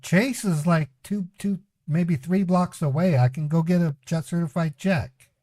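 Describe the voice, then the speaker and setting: A man's voice: fairly high pitch, a little slow, warm tone, no echo. A man streaming a prank call, stammering and pleading in an overwrought way. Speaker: scambaiting streamer. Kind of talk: prank call role-play.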